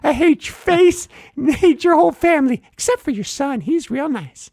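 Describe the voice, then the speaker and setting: A shrill, nasty little bush character with a high, squeaky voice that sneers out insults, put on by a man in a dry, close room. The voice has a cartoonish bite and jumps all over its pitch. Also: expressive, normal speed, vocal fry, darkish tone, dry recording, heavily acted. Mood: insulting. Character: rude foul-mouthed talking hedge, male.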